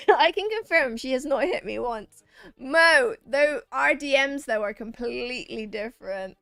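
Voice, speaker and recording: A woman gaming on stream speaks a little slowly in a high, bright, creaky yet expressive voice, chatting playfully and reading chat messages out loud before teasing her viewers back. The recording is dry and close, no room sound, with faint game music in the background.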